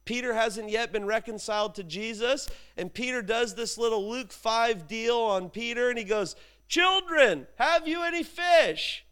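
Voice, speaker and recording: High, clear-voiced man preaching casually. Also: fairly even intonation, moderate pace, few pauses, a bit bright. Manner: informal, chatty storytelling with asides to the congregation. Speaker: pastor. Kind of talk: conversational sermon.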